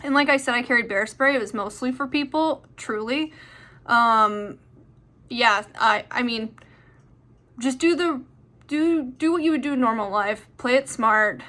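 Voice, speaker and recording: A woman's voice: a little high, unhurried, pushed and bright. A young woman answering viewer questions in a chatty, rambling way with lots of fillers. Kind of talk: casual chat.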